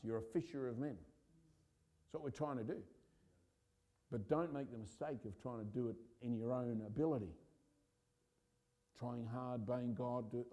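Impassioned male preacher, low mellow voice. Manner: impassioned preaching, builds to loud urgent peaks. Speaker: pastor. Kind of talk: sermon.

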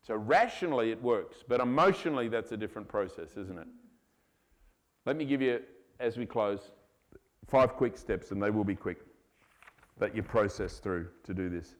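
A male pastor preaching a sermon to his congregation, animated and given to acting out voices. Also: fairly low pitch, moderate pace. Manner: animated, acts out voices of God and children. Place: church hall.

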